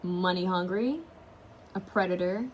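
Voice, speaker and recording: A woman's voice: lowish voice, measured pace, slight background noise. A woman giving a casual pick-a-card tarot reading, chatty and rambling with slangy asides.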